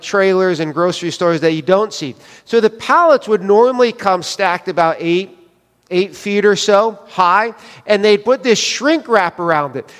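A man's voice: high voice, a bit bright, long reverb tail. A man preaching a sermon as pastor, chatty and joking with the congregation, walking around with a wireless mic. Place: church sanctuary. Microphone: wireless mic, moving around.

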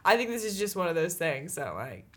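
A woman co-hosting a chatty podcast, laughing often and swearing freely. Her husky voice leaps up and down in pitch with wide, lively swings. She sounds loose and animated throughout. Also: brisk. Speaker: podcast co-host. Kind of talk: casual chat.

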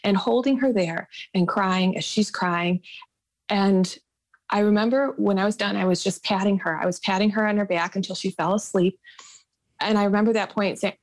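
A woman's voice: medium pitch, fairly even intonation, moderate pace, no room sound. A woman speaking as a podcast guest, sharing an earnest, emotional personal faith testimony. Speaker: podcast guest, bereaved mother.

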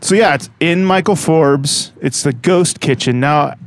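A man's voice: a little high, a little slow, slight background noise. A man hosting a casual food review podcast, upbeat and playful, chatting at a restaurant. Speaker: podcast host. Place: local restaurant.

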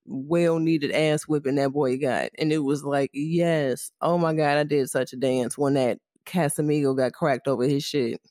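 A woman's voice: low-pitched, fairly even intonation, normal speed, few pauses, warm tone, no echo, studio quality. A woman co-hosting a casual chat about a TV show, blunt and profane, giving emphatic opinions. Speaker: podcast co-host.

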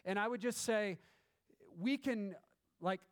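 A man's voice: high-pitched, slow pace. A man preaching a sermon as a pastor, conversational with filler words and restarts, rising to bursts of fervent emphasis. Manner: filler-heavy, restarts phrases.

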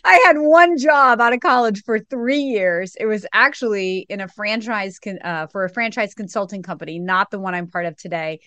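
A middle-aged woman talking as a podcast guest, upbeat and emphatic, leaning on key words and calling the host by name. Her voice sits at an ordinary middle pitch. The sound is dry and close, with no room echo. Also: normal speed, few pauses, fairly bright tone. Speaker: franchise coach, guest. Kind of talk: casual interview chat.

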